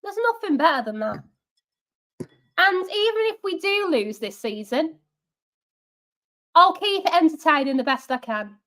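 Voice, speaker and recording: A young woman chats sarcastically through a live football watch-along stream. Her voice sits high and bright for a woman, and she talks straight to her viewers as she reads out their comments. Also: very animated, measured pace, long pauses. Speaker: fan channel watch-along host.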